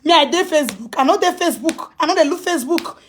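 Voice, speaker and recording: Slight background noise sits under this phone live stream, where a Nigerian woman with a Pidgin English accent, a social media personality, rants fast and animated. Her high, piercing voice scolds and lectures, drives the same phrases home again and again, and rises into shouting.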